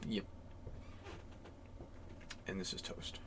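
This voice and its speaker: A man's voice: drawn-out words, a bit bright, a little hiss or hum. A man playing online chess and thinking aloud, in a glum, self-critical mutter. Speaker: chess player.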